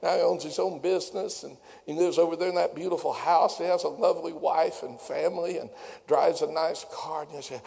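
A man's voice: a little high, moderate pace, vocal fry, darkish tone, slightly rough. A man preaching a sermon as pastor, folksy and down-home, building to fervent preaching. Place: church sanctuary. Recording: long hall reverb.

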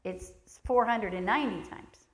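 A woman's voice: medium pitch, normal speed, echoey room. A woman preaching a sermon in a church sanctuary, reading scripture aloud, speaking earnestly and with emphasis, and asking the congregation questions.

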